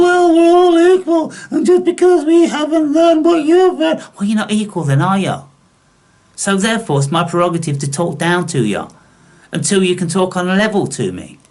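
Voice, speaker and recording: Blunt, swearing man ranting to viewers. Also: medium pitch. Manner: blunt, swears constantly, scornful. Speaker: spiritual video channel host.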